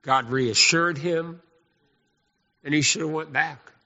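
A man preaching a sermon in an animated, folksy, repetitive way. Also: fairly high pitch, slow pace. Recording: echoey hall, muffled lo-fi.

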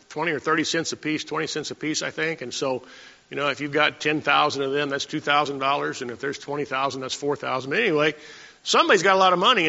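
A man's voice: on the high side, gravelly, bright, forceful tone. A man preaching a sermon as pastor, in a folksy way with chuckling asides and many restarts. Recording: dull recording in a reverberant hall.

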